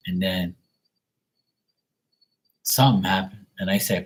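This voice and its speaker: A man chats casually on a live stream, spinning loose anecdotes full of swearing and laughing at his own punchlines. His voice sits a little low and has a husky, breathy edge. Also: fairly even intonation, normal speed, poor audio. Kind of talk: casual storytelling chat.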